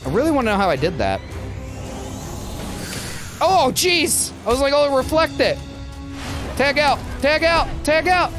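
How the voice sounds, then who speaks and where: A gameplay streamer giving excitable, casual commentary full of quick yelps. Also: music in the background. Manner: excitable, with yelps and a wide pitch swing. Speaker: gameplay channel host.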